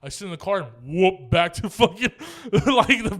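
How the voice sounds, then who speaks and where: Young man, casual podcast chat, animated, profane, acts out dialogue, slightly high pitch. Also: normal speed. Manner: animated, swears a lot, acts out both sides of quoted dialogue. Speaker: podcast co-host.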